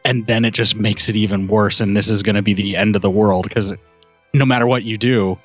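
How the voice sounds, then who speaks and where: A low-pitched man recaps a film in relaxed, casual chat, walking through the scenes in detail. Faint music plays quietly behind him. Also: a little fast, slightly rough, muffled recording.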